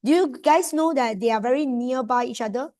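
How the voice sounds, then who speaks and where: A woman with a Malaysian English accent leads an exam seminar as a history tutor, animated and coaxing her students along. Her voice sits a little high. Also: brisk.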